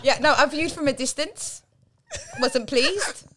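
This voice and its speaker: A woman's voice: high-pitched, a little slow, heavy background noise. A woman, a podcast panellist making blunt, dry remarks in casual chat.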